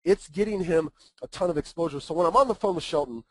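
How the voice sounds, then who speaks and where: Chatty man presenting a webinar, higher voice. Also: quick pace, breathy edge, no echo, rough recording. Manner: conversational, often checks in with "right?" and "okay?".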